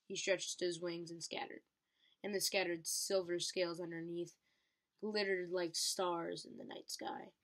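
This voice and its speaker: A woman's voice: on the low side, unhurried. Woman reading a novel aloud. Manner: steady, occasional slips and self-corrections. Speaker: reader.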